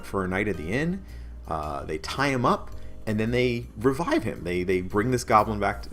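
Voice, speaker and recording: Rambling low-voiced man recapping a game. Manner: rambling, many restarts, chuckles now and then. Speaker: game master. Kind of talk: casual recap of a tabletop game session.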